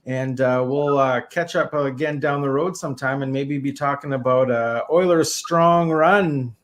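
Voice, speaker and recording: A man's voice: medium pitch, flat delivery, moderate pace. A man hosting a podcast interview, casual and laughing often, with frequent fillers. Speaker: podcast host.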